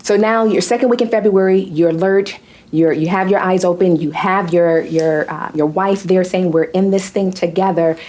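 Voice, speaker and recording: A woman's voice: on the low side, steady tone, normal speed, darkish tone. A woman hosting a Christian TV talk show, asking questions and affirming her guests. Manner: encouraging, affirming. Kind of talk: interviewing guests.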